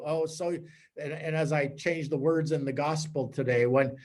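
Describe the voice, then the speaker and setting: A man, a priest, giving a conversational teaching talk to a small group with animated storytelling. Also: on the high side, moderate pace.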